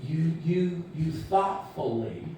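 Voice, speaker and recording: Slow-spoken man in his sixties giving a eulogy. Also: fairly high pitch, expressive, mellow, slight background noise. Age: 60s. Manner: unhurried anecdotal telling, quoting a friend with chuckles. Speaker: eulogy speaker. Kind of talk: memorial eulogy storytelling. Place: large echoey hall at a memorial service. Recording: echoey hall recording from far off.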